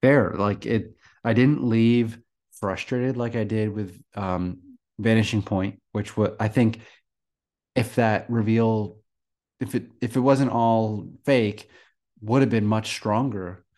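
A podcast co-host with a voice on the low side chats casually and slowly about a TV episode. He is relaxed, chuckles often, and frequently restarts his sentences.

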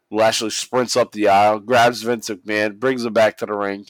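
A man excitedly recapping a wrestling match in casual chat, swearing a lot and acting out the wrestlers' lines. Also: on the low side, normal speed, few pauses, no echo. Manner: animated, swears constantly, acts out quotes. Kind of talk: casual profane play-by-play recap.

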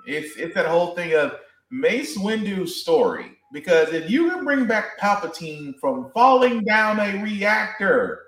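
A man co-hosting a podcast in casual chat, excitable and fond of acting out quotes. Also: high voice, roomy sound. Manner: excitable, drawn-out explanations, put-on voices for quotes. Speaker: podcast co-host.

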